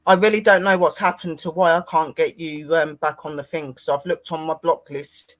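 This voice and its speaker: A man's voice: on the high side, steady tone, normal speed, fairly bright tone. A man co-hosting a casual paranormal livestream, rambling and greeting viewers by name.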